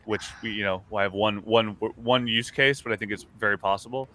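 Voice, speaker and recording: A man's voice: lowish voice, fairly even intonation, fairly quick, sharp tone. A man co-hosting a podcast in casual, rambling, joking chat over a video call. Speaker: podcast co-host.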